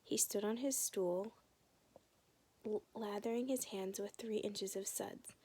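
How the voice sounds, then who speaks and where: A woman reading a children's novel aloud in a soft, often half-whispered way. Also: medium pitch, steady tone, takes it slowly, breathy edge. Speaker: reader.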